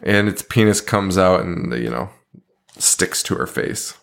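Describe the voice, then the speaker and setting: Casting note: animated, laugh-prone male podcast co-host, lively pitch, profane casual recap. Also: measured pace, vocal fry. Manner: laughing often, swearing, animated storytelling. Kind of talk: casual chat recapping a horror film.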